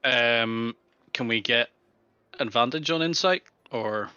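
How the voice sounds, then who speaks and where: A man's voice: medium pitch, takes it slowly, sharp tone, clear, resonant tone, no echo. A man playing in a tabletop game, chatting casually and playfully. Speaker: player. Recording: dull lo-fi, dry sound.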